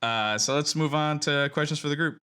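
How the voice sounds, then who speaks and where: A man's voice: fairly high pitch, brisk. A man hosting a fan podcast in casual chat, steering the discussion in an earnest way. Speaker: podcast host.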